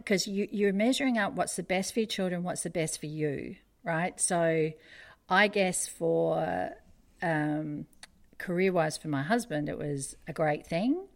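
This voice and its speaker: A woman's voice: fairly low pitch, takes it slowly. A middle-aged woman hosting a casual conversation, chatty and digressive with frequent fillers.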